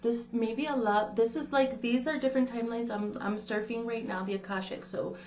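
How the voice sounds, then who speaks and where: A woman's voice: on the high side, fairly even intonation, a little fast, darkish tone, dull audio, slight background noise. A woman giving a casual spiritual tarot reading to the camera. She talks in a chatty, exclaiming way and calls the listener darling. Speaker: tarot reader.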